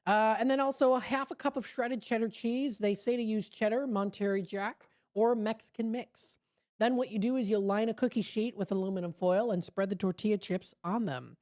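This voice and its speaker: A woman's voice: mid-range voice, moderate pace, darkish tone. A woman hosting a casual food segment on local radio, chatty and upbeat, laughing at her own jokes, speaking into a studio microphone.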